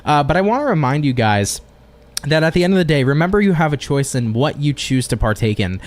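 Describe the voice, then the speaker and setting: A man's voice: a little high, big pitch swings, fairly quick. A man giving a chatty, upbeat tarot reading on a live stream, with casual slang and swearing. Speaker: tarot reader.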